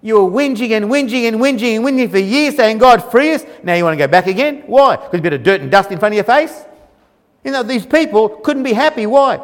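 A man's voice: sits high, expressive, a little fast, big-room sound. A man preaching a sermon in a colloquial, emphatic way, mocking the grumbling of the people he quotes.

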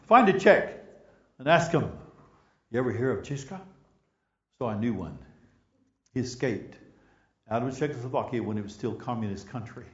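Animated Australian preacher in echoey hall. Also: male voice, mid-range voice, moderate pace, long pauses, highs cut off. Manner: animated storytelling, rising to loud emphatic peaks, dropping to hushed prayerful tones. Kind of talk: sermon with storytelling.

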